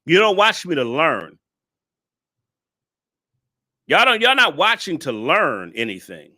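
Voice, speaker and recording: A man's voice: fairly high pitch, big pitch swings, normal speed, bright, forceful tone. A man hosting a reaction video, talking in blunt, profane, ranting commentary and scolding his viewers. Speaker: male content creator reacting to a video.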